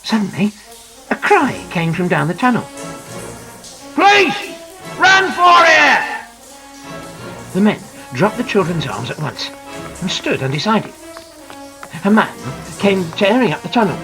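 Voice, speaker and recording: Expressive man narrating an adventure storybook. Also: sits high, moderate pace, rough recording. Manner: dramatic, very expressive. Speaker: audiobook narrator. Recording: narration over clear music.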